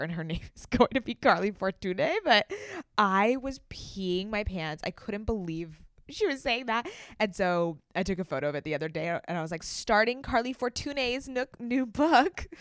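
A woman's voice: on the low side, no echo, studio quality. A young woman hosting a podcast in a casual solo chat, chatty and giggly, tripping over her words now and then. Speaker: podcast host.

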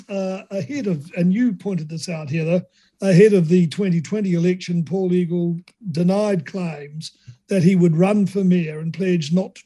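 Brief: New male correspondent, high mellow voice, halting radio political report. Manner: chatty, slightly halting with fillers.

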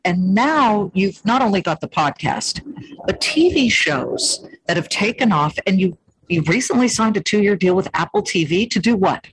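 Husky-voiced woman interviewer. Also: mid-range voice, poor audio. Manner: friendly, prompting questions, laughs easily. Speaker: podcast host. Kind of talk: casual interview conversation.

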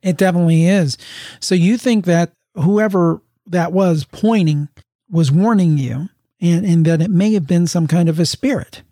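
A man's voice: high-pitched, normal speed, dark tone, no echo, studio quality. A man hosting a podcast, chatting casually with a guest in an easygoing, hesitant way. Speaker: podcast host. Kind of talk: casual chat.

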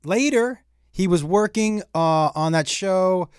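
Man, middle-aged, comedian, animated storyteller, fairly high voice, dry studio sound. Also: slow pace, clean tone, dry recording. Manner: animated storyteller, acts out dialogue, profane. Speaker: comedian guest. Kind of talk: casual storytelling chat.

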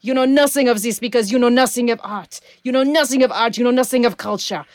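A woman plays a sinister raccoon art thief in a cartoon, haughty and taunting, speaking in a mock French accent that keeps slipping toward Russian. She repeats her jabs with slow, smug emphasis. The sound is dry and close. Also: fairly high pitch, a little mellow, dry recording, natural voice. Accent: mock French drifting to Russian.

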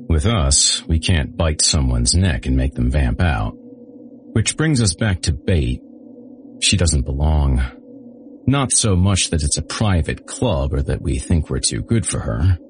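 A man narrating a story in the first person with a dry, sardonic delivery. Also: rumbling low.

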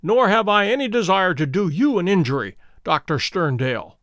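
A man reading a stern, measured detective. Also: high-pitched, animated, a bit bright, no room sound, studio quality. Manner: measured and precise. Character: calm, stern, commanding male detective.

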